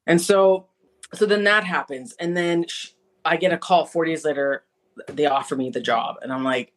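A woman from Manitoba, a podcast guest telling her faith testimony, acting out conversations with lively animation. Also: low-pitched, moderate pace. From Manitoba, Canada. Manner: animated storyteller who acts out conversations. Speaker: interview guest.

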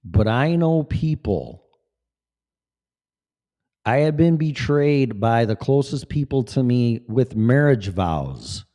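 Man in his fifties, mellow voice, swings up and down a lot, swears freely, rambling vlog monologue. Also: mid-range voice, big pitch swings, takes it slowly. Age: 50s. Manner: profane, emphatic, digressive. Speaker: vlogger.

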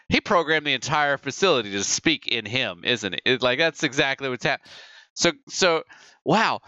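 Excitable male co-host, bright and lively pitch, dull lo-fi mic. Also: no room sound. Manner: animated, excitable, swears freely. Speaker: podcast co-host. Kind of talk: casual chat.

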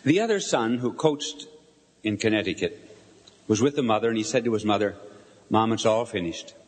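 Older male preacher, very expressive pitch, live sermon in a reverberant hall, chatty with the audience. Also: normal speed. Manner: animated storyteller, asks the audience questions. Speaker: bishop preaching.

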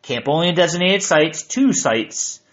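A chatty, friendly female park ranger , put on by a man in a raised, lively voice. She reels off the rules briskly, as if reading from a form. The recording sounds a little dull and lo-fi. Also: a little high, voice pushed up, lightly acted.

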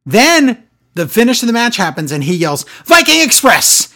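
A man co-hosting a casual wrestling recap podcast, talking in an animated way and acting out quotes in exaggerated voices. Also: high-pitched, normal speed.

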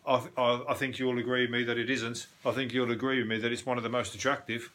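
A man's voice: mid-range voice, level tone, quick pace, few pauses, fairly bright tone. A man with a Birmingham accent hosting a solo podcast, ranting about the news, swearing freely and often restarting his sentences. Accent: Birmingham (Brummie). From England. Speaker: podcast host.

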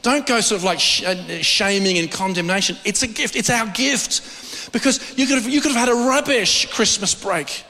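A middle-aged Australian man preaching from the pulpit, his fairly high voice climbing when he gets going. He often repeats words as he builds his point. A long reverb from a large church hall trails behind him. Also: moderate pace, few pauses, bright, forceful tone, a little hiss or hum. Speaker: pastor. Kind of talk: sermon.

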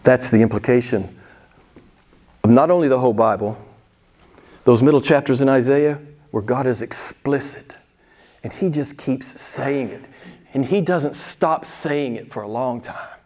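A male pastor preaching a sermon, emphatic, with rhetorical questions and dramatic pauses. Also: mid-range voice, darkish tone.

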